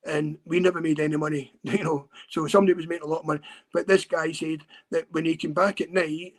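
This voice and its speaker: Earnest man with a slightly high voice. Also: level tone. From Scotland. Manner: earnest, halting, with many repeated words and restarts. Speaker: guest. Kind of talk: casual podcast interview.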